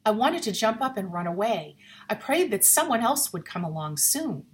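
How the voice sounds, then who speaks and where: Expressive woman reading a ghost story. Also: mid-range voice, normal speed. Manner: expressive, suspenseful. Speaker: narrator.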